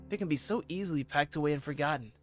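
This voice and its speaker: A man's voice: very fast, soft background music, close to an everyday voice. A man reading a weary, bitter woman detective. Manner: low, weary and resentful.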